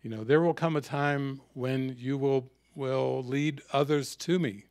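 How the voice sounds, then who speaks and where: A calm, serene male spiritual master, as a male speaker quotes him in a retold story. The voice is quiet and matter-of-fact, low-key and unhurried, spoken in a dry, close sound. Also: no echo, natural voice.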